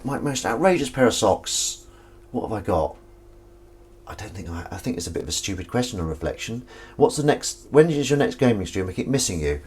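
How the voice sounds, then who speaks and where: A man's voice: medium pitch, a little hiss or hum. A man livestreaming from his kitchen while washing up, chatting casually with viewers and reading their comments in a rambling, self-mocking way.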